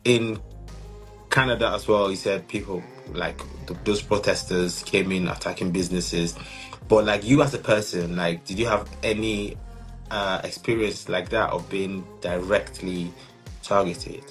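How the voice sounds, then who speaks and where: A man's voice: sits low, fairly even intonation, a little slow, soft background music. A man hosting a casual interview, easygoing and slangy, repeating himself. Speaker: podcast host.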